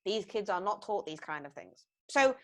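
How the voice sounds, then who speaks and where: Animated woman telling stories. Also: medium pitch, normal speed. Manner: animated storyteller, acts out voices, swears freely. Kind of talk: casual podcast chat.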